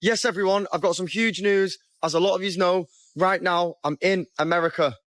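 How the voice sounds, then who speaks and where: A man's voice: high-pitched, fairly even intonation, fairly quick, fairly bright tone, no echo. A man giving an emotional farewell vlog, emphatic and repeatedly addressing viewers as boys. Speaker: vlogger.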